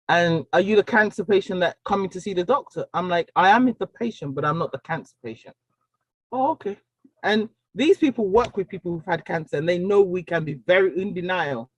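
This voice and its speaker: A woman's voice: medium pitch, slightly rough. A woman giving a personal testimony, her voice sitting in a middle range. She tells the story with animation, acting out what each person said, and the recording is dry with no room echo. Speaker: speaker sharing a personal story.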